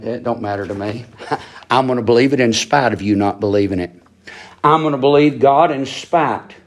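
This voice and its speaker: A man preaching a sermon. His voice sits high and climbs as he presses the same lines over and over. He is emphatic and insistent throughout. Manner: emphatic, repetitive preaching with rising intensity.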